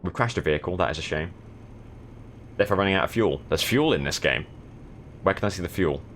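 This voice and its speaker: A man's voice: low voice, animated, fast, fairly bright tone, a little hiss or hum. A young man from the south of England chatting casually while streaming a driving game, with dry, sardonic commentary. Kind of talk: casual gaming stream chat.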